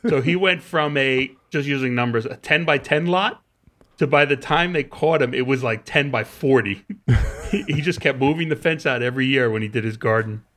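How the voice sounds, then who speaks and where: A man's voice: medium pitch, normal speed, fairly bright tone. A man co-hosting a podcast, chatting casually and laughing easily at his own stories. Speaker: podcast co-host. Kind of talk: casual chat.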